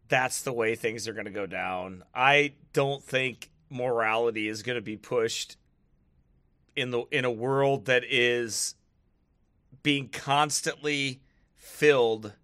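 A man's voice: mid-range voice, a bit bright, dry recording. A man giving casual commentary to camera, mocking and often laughing between remarks, turning preachy when he gets serious. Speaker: online video commentator.

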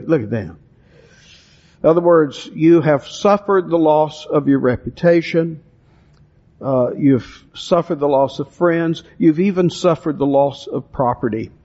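A man's voice: a little high, darkish tone. Preacher man, dull lo-fi sermon recording. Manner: reads scripture slowly with stressed words, then talks plainly to the congregation. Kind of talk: expository sermon.

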